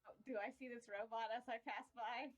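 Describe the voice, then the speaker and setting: A woman player in a tabletop role-play game, speaking in a polite, measured way. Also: a little high, steady tone. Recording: dull lo-fi audio.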